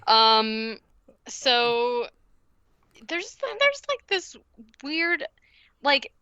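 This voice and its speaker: A woman's voice: sits high, big pitch swings, very slow, bright, forceful tone, no echo, muffled recording. A woman co-hosting a podcast, casually recapping a movie in a rambling way, full of fillers and giggles. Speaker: podcast co-host.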